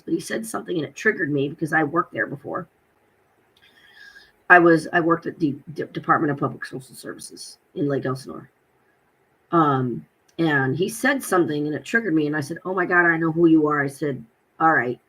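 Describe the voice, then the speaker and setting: A woman's voice: low voice, husky. A woman vlogging casually, animatedly retelling phone calls and acting out both sides. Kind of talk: casual personal vlog.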